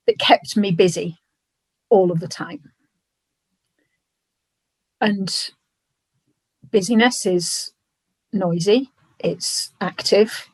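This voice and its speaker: A woman, a podcast guest, talking reflectively about her past with halting, emotional pauses. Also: fairly high pitch, dry recording. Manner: reflective, halting, tearful at times. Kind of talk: emotional personal conversation.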